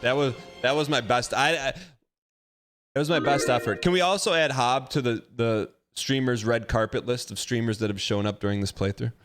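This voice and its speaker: A man streaming a game live, chatting casually with viewers in a rambling, halting, playful way. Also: mid-range voice, fairly bright tone, faint music behind.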